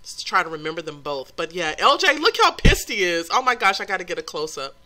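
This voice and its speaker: Her voice sits on the low side, sharp and brisk, and she sounds very animated. This let's play host narrates a life-sim story in casual commentary, giggling and gossiping with plenty of fillers.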